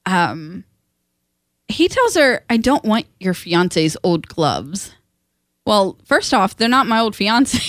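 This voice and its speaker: A woman co-hosting a casual book discussion at home, retelling scenes with quick quoted voices and frequent laughs. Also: mid-range voice, no echo, clean studio sound. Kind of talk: casual chat.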